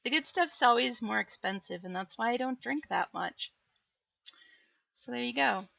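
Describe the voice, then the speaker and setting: A woman's voice: fairly high pitch, lively intonation, creaky, pushed and bright, no room sound, highs cut off. A woman with a Minnesotan accent, chatting casually on a live stream, reading chat messages aloud in a playful, teasing way. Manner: playful, teasing, drawn-out delivery.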